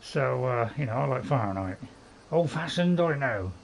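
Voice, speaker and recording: British man, let's-play host, gravelly, rambling chat, faint noise. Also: mid-range voice, lively intonation, moderate pace. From Britain. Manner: chatty and rambling, talks to viewers while chewing, playfully self-mocking. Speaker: gameplay channel host. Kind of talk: casual let's-play commentary.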